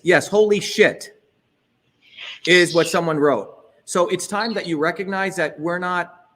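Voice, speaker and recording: A man's voice: fairly high pitch, fairly bright tone. A man hosting a live talk, speaking bluntly and combatively with frequent profanity. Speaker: host.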